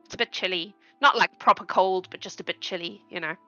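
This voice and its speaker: A woman's voice: fairly low pitch, fast, pushed and bright, dry recording, muffled recording, soft background music. A woman running a tabletop game as game master, describing scenes in a rambling, chatty way and searching for words.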